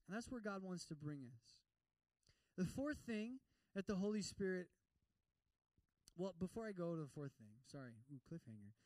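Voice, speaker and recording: A male pastor giving a lively sermon, acting out prayers in other voices and slipping in humor. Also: high-pitched, moderate pace, long pauses, dry recording, distant mic, rough recording.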